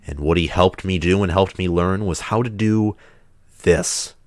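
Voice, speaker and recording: Deep-voiced sick man chatting on a livestream. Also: unhurried, dry recording, clean studio sound. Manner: rambling, chatty, loose restarts. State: sick, under the weather. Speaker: livestream host. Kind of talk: casual livestream chat.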